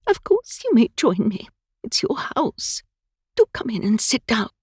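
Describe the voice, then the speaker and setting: A woman's voice: on the high side, very animated, unhurried, darkish tone, husky, no echo, studio quality, voice pushed up, exaggerated voice. A woman voicing a flustered, chattering elderly lady who gushes and apologizes. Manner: twittering, gushing, apologetic.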